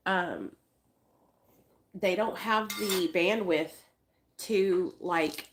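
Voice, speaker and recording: A woman's voice: medium pitch, a bit bright, slight background noise. A woman in her forties hosting a casual live stream, who speaks bluntly and swears freely, and keeps breaking off to coax her dogs in a sing-song voice. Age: 40s. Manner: blunt and profane, talking straight to viewers. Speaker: livestream host.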